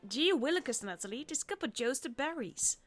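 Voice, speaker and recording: A woman's voice: high voice, lively intonation, brisk, soft background music. A woman voicing a boastful, vain male hunter while reading game dialogue aloud, full of old-timey slang.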